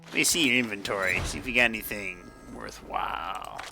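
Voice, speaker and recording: A man's voice: fairly low pitch, brisk, music in the background. A man playing a survival game with friends, chatting casually and narrating what he does in the game. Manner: lively, laughs easily, narrates his own gameplay. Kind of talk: casual gaming chat.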